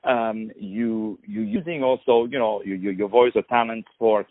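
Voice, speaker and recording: A man's voice: mid-range voice, gravelly, dry recording. Effusive French-accented male radio host. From France. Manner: effusive, praising, halting with fillers. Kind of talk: phone interview. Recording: tinny dry phone line.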